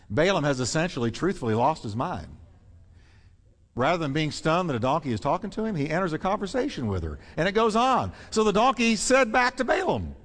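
A male pastor preaching a sermon in an animated way, swinging between loud exclamations and hushed, earnest passages. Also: fairly high pitch, moderate pace. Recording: long hall reverb.

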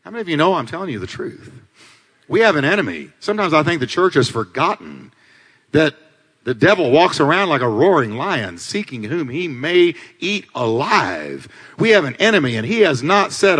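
A male pastor delivering a dramatic sermon, swinging from loud climaxes to low asides. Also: big pitch swings, moderate pace, slightly rough. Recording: long hall reverb.

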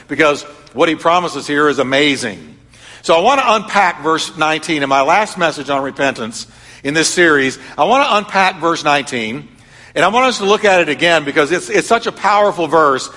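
A man's voice: a little high, bright, forceful tone. A man preaching a sermon as pastor, emphatic and repetitive, with a strong preaching cadence. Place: church sanctuary. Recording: long reverb of a large church hall.

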